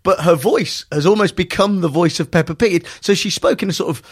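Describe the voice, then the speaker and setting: A man's voice: high voice, fairly quick, slightly rough. A man co-hosting a comedy podcast, telling rambling anecdotes in casual chat and laughing often. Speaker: podcast co-host.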